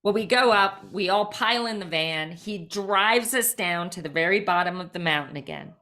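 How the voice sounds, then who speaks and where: A woman guest on a podcast, telling a personal story with lively energy and lots of "like" fillers. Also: medium pitch, normal speed. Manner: frequent "like" fillers, lively retelling.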